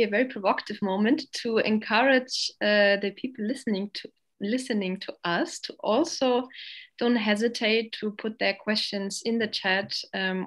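Woman moderating a panel. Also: mid-range voice. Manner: polite, hesitant with fillers. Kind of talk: moderating an online panel discussion.

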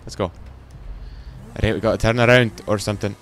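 A man with a fairly low voice gives loose, rambling let's-play commentary, talking to himself and cracking jokes as he plays. A faint hiss sits under his voice. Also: steady tone, fairly quick, a bit bright. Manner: rambling, joking, talks to himself. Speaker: gaming channel host.

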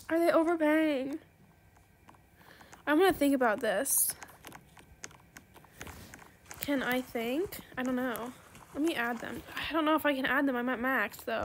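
A woman giving casual gameplay commentary, excitable and gushing, then soft and apologetic when she turns down offers. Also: high-pitched, a little slow, long pauses. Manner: apologetic, soft-spoken when declining trades. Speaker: gaming video creator.

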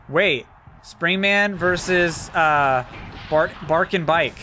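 A man hosting a reaction video to game trailers, talking in an excitable, animated way with quick exclamations. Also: fairly high pitch, slight background noise. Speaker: host. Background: faint trailer music.

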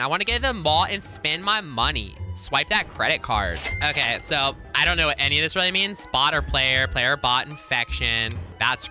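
A woman talks through her gameplay in casual commentary, teasing and sassy. Her voice is very bright and sharp. Her pitch swings widely, and she breaks into sudden excited shrieks. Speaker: gaming video host.

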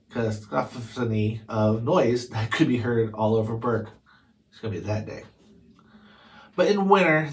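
A man reading a chapter book aloud for listeners, pausing for casual asides and fixing his stumbles. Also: mid-range voice. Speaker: storybook reader.

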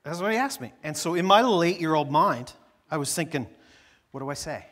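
Middle-aged man, pastor, somewhat high voice, loose animated storyteller from the pulpit. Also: brisk, long reverb tail. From Newfoundland, Canada. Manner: conversational and animated, with frequent fillers and restarts. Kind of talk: storytelling sermon.

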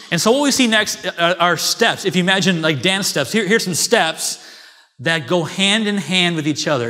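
A man's voice: on the high side, sharp tone. A man preaching a sermon in a conversational way, reading scripture aloud and explaining it with everyday asides. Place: church sanctuary. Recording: long church hall reverb.

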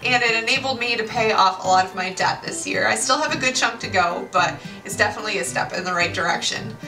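A woman's voice: medium pitch, quick pace, reverberant. Chatty bubbly girl late 20s vlogging, kinda far from the mic, music going behind. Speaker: YouTuber. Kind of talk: casual chat to camera.

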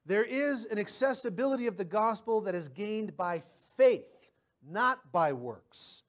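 A man's voice: sits high, lively intonation, a little slow. A man preaching a sermon as pastor, talking conversationally with personal stories and often repeating words as he starts a sentence.

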